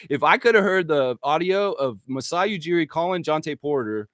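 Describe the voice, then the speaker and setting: A man with a slightly high voice rants on his live stream at a moderate pace with few pauses. He swears heavily, gets excitable, and reads chat aloud, all in a dry, clean studio recording.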